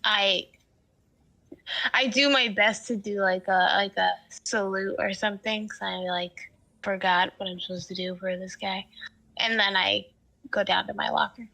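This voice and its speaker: A woman player in a tabletop game with a bright tone and a gravelly edge. She talks casually and hesitantly about what her character does. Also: medium pitch, fairly even intonation, a little slow, low-quality recording.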